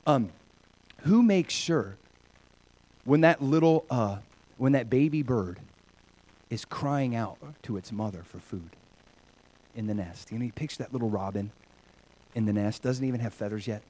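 A male pastor preaching a sermon in a conversational, animated way, swinging between loud, bright lines and soft, hushed ones. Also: medium pitch, moderate pace, pauses often.

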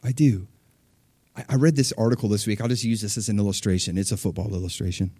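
A middle-aged man preaching a sermon, talking loosely and acting out voices with sudden jumps in pitch. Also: fast, slightly rough, dry recording. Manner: animated, acts out voices of people and God with sudden pitch jumps. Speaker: pastor.

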